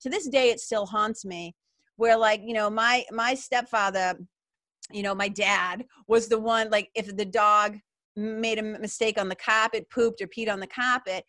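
A woman's voice: medium pitch, steady tone, normal speed, bright, forceful tone, no echo. A woman hosting an interview podcast, talking in an effusive, rambling way with many restarts. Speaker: podcast host. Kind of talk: casual interview chat.

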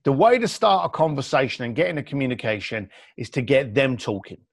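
A man's voice: mid-range voice, brisk, creaky, dry recording, clean studio sound. A man, a podcast guest, talking bluntly and acting out other people's lines. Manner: blunt, animated storyteller who acts out quotes. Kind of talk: podcast interview.

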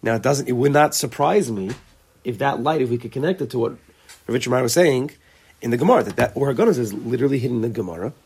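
A man speaks in a mid-pitched, somewhat husky voice as he leads a relaxed study session. He thinks out loud, trips over and repeats small words, and drops Hebrew and Yiddish terms into plain English explanations. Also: quick pace. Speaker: teacher leading a study group. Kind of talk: informal Torah class.

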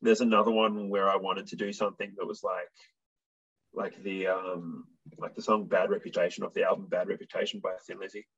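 A man's voice: low voice, fairly quick, slightly rough, highs cut off. A man with an Australian accent, a guitarist and songwriter chatting casually as an interview guest, blunt and swearing as he tells stories. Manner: blunt, swearing, animated storyteller. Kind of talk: casual chat.

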